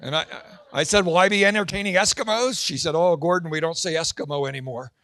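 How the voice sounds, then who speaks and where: An older man with grandchildren performs stand-up at a church fundraising gala, tossing off quick asides and using high voices for his characters. The sound is a bit bright, with no room sound.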